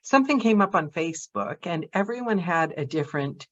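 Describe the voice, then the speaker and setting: A woman hosting an interview podcast, asking questions with friendly quick reactions. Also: lowish voice, animated, lo-fi sound. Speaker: podcast host. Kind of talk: casual interview.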